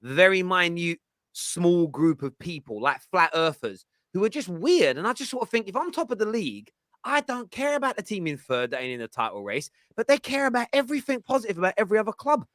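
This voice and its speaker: A man hosting a casual football chat, teasing and animated. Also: sits high, fairly quick, dry recording. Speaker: panel host.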